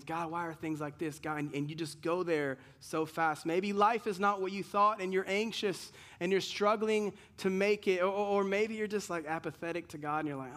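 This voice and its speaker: A man's voice: fairly high pitch, a bit bright. A man pastor preaching a sermon in an earnest way, full of rhetorical questions and repeated restarts.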